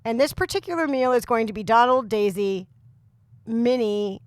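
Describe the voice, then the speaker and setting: A woman in her thirties or forties with a very loud voice, co-hosting a podcast and telling a comic story with lots of laughs and exasperation. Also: a little high, moderate pace, no echo, studio quality. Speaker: podcast co-host. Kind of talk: casual chat, comic storytelling.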